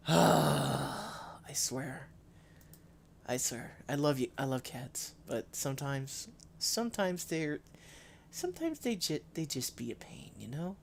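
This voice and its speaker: A man's voice: fairly high pitch, very animated, takes it slowly, creaky, pauses often, slight background noise. A man live-streaming a game from home on a desk microphone, rambling in a casual, self-deprecating way with frequent restarts and sighs.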